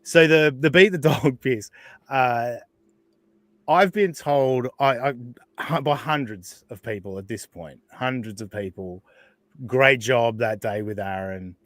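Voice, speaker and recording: A man's voice: mid-range voice, measured pace, no echo. An Australian man hosting a podcast, chatting casually with sarcastic asides, frequent laughs and swearing. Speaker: podcast host. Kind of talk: casual chat.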